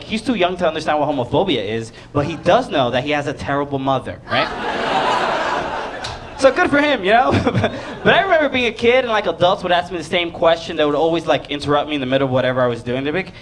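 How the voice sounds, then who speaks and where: A man's voice: sits high, lively intonation, fast, fairly bright tone, a little hiss or hum. A young man performing a stand-up set in a comedy club, chatty and laughing at his own jokes while acting out voices.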